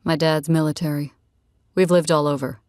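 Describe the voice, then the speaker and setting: Audiobook: woman reading easygoing rugged guy, lowered voice, dry close read. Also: steady tone, moderate pace, a little mellow, no echo, close to an everyday voice. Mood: teasing. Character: tall rugged man, easygoing and teasing.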